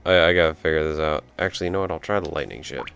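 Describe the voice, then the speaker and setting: Racing along in a creaky bass voice with a fairly bright tone, a let's play commentator rambles through a story as he plays, breaking off to react to the game. The recording is muffled.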